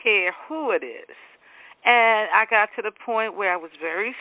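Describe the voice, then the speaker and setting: A woman's voice: mid-range voice, moderate pace, dry recording. Woman host saying mm-hmm a lot, easygoing, phone-quality sound, dry. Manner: agreeable, with frequent affirmations. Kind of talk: casual radio talk. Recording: tinny phone-like radio sound.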